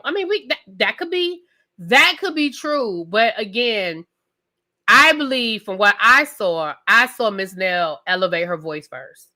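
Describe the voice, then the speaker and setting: Loud, bright-voiced woman reviewer ranting. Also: medium pitch. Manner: loud, emphatic, talks straight to the audience. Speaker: TV review show host. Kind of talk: live casual rant to viewers.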